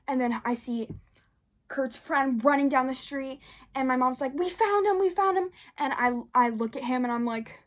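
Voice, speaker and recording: Lively young woman telling a story. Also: on the high side. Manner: animated, acts out quotes with big jumps. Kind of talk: casual storytelling.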